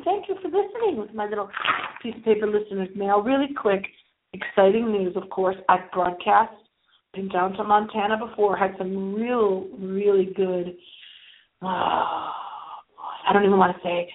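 A woman hosting a paranormal talk show in a playful, theatrical way. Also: fairly high pitch. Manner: theatrical and playful, with big swoops in tone. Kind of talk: casual solo show monologue. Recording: tinny phone-like sound.

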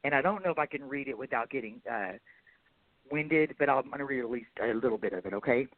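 A man's voice: mid-range voice, animated, fast talker, dry recording. A radio show host, a man, talks in a rambling, chatty way with many fillers and apologies. He is short of breath while chatting and reading a long post aloud. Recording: tinny dry phone line.

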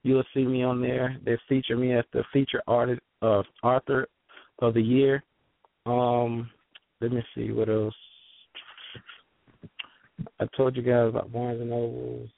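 A man from Georgia with a Southern accent, a guest author chatting in a halting, rambling way with many fillers, heard over a phone line. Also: medium pitch, little pitch movement, gravelly, no room sound. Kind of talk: casual call-in chat.

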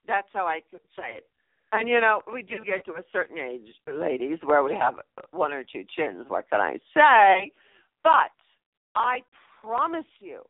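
Heard over a narrow, phone-like line with no room sound, a middle-aged woman hosts an inspirational advice show on the radio, where she also works as a numerologist. Her pitch sits a little high. She presses her points emphatically, repeats important phrases, and speaks fondly to listeners.

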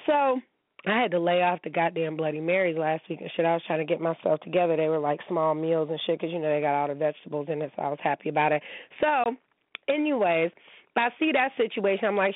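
A woman's voice: mid-range voice, quick pace, no room sound. Blunt, profane woman ranting on a tinny line. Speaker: host. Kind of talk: casual ranting commentary. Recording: tinny phone-like sound, dry.

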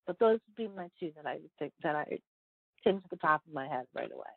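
A woman's voice: low voice, expressive, quick pace, no room sound. Woman guest, pastor, rambling earnest chat, phone-quality audio, dry sound. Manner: rambling, many fillers and restarts, earnest. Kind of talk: casual interview conversation.

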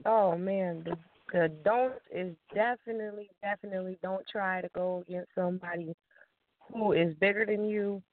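A woman's voice: mid-range voice, moderate pace, no room sound. A woman author telling stories in a casual interview, laughing often and acting out what people said. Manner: animated storyteller, laughs often, acts out quotes. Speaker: guest author. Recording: dry tinny phone line.

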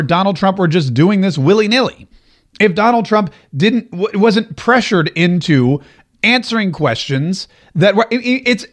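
Animated man doing political commentary. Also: high voice. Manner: animated, repeats words and restarts. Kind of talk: casual commentary.

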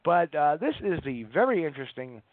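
A middle-aged man hosts a casual radio talk show, telling jokey stories in a fairly high, lively voice. The sound is dry and thin, like a phone line. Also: brisk, dry recording. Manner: joking, storytelling.

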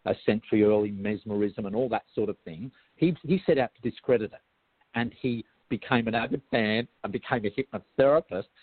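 A man's voice: medium pitch, breathy edge, no room sound. An Australian man, a guest hypnotherapist, explains his practice in a chatty, digressive way, often restarting and going off track. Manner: chatty, digressive, self-interrupting. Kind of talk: casual explanatory interview talk. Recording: tinny phone-like line, dry.

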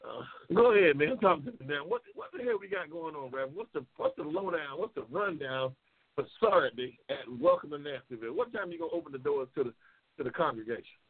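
A man hosting a loose call-in talk show, excitable and profane, yelling and laughing at his callers. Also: fairly high pitch, fast, slightly rough. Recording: tinny phone-like audio.

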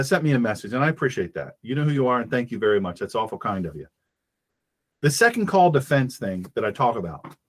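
A man hosting a fiery political talk radio show, preaching in an impassioned way and acting out little scenes. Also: mid-range voice.

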